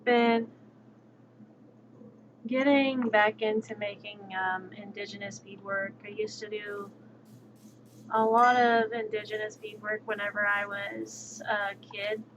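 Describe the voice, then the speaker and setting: A chatty, sassy woman talks to her stream from a home setup, her voice sitting in the middle of the range. The audio is dull and lo-fi, with a clear layer of background noise under her words. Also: mid-range voice, flat delivery. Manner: chatty, sassy and outspoken with quick asides. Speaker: livestreamer. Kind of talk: casual livestream chat while gaming.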